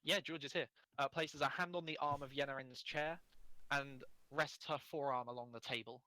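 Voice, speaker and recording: A man narrating as game master, quick and descriptive with fillers. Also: medium pitch, fairly even intonation, bright, forceful tone, no room sound, rough recording.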